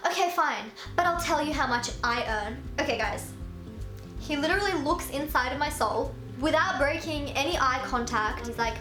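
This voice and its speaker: Young woman, high voice, chatty storytime, echoey room, faint music. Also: normal speed. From Australia. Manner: chatty, animated, lots of "like". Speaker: YouTuber. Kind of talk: storytime vlog.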